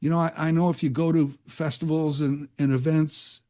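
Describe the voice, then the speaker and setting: A man's voice: on the high side, little pitch movement, moderate pace, mellow. A man guest-hosting a radio talk show, telling a rambling, self-aware story in a casual monologue into a studio microphone.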